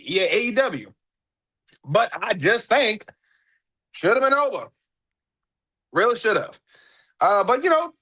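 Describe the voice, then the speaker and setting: A man hosting his own podcast, talking in casual solo commentary with a joking, excitable manner and frequent laughs. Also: high voice. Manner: excitable, joking, often laughing, fake choked up. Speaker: podcast host.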